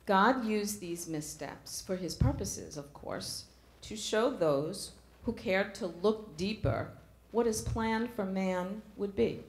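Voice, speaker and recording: A woman's voice: medium pitch, slow pace. Middle-aged woman preaching in an echoey church. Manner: earnest, rhetorical questions to the congregation. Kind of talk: sermon.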